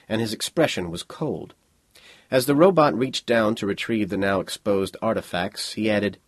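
A man reading a science fiction story aloud as a narrator, in a measured, even delivery. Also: on the low side, breathy edge, no room sound. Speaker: audiobook narrator.

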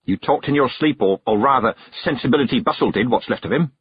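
A man voicing a stern, sharp-tongued old witch woman in an audiobook, curt and commanding. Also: medium pitch, quick pace, breathy edge, no echo. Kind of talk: audiobook character voice. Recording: dull, dry narration recording.

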